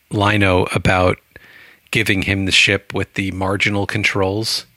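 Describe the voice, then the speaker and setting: A man's voice: lowish voice, sharp tone, dry recording, clean studio sound. A man casually discussing a book on a podcast, rambling and chatty with frequent laughs. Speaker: book club podcast co-host.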